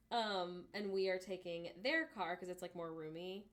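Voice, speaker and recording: A woman's voice: fairly low pitch, normal speed. A woman co-hosting a casual livestream, rambling along with lots of "um" and "like". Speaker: livestream co-host.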